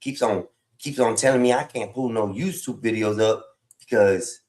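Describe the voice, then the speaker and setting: A man's voice: lowish voice, moderate pace, darkish tone. A man hosting a casual livestream, rambling and repeating phrases as he talks to his chat. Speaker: livestream host.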